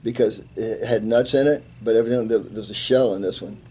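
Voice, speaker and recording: A man in his seventies, a retired Army colonel, telling animated stories in an interview and acting out the quotes. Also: on the low side, fairly quick, a little hiss or hum. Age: 70s. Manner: animated anecdote teller, acts out quotes, laughs. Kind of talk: storytelling in an interview.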